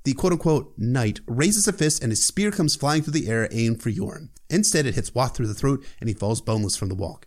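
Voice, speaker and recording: A man hosts a podcast and recaps a book chapter in a loose, conversational way. He talks in a mid-range pitch and drops profane, irreverent asides as he goes. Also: very animated, brisk, few pauses.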